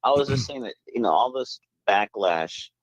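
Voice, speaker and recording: A man's voice: medium pitch, lively intonation, moderate pace, no room sound. A man calling in to a sports talk show, talking in rambling, emphatic bursts. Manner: rambling, emphatic, full of restarts. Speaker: caller. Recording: muffled call-in line.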